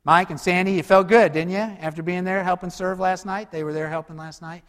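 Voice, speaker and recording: High-voiced man preaching in a reverberant hall. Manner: lively, conversational preaching with quick asides and call-and-response. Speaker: pastor. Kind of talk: sermon.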